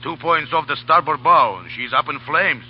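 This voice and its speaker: An actor playing a jovial pirate first mate in a 1930s radio drama, speaking in a halting, hesitant way. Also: male voice, on the high side, expressive. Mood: worried. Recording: muffled, hissy 1930s radio broadcast.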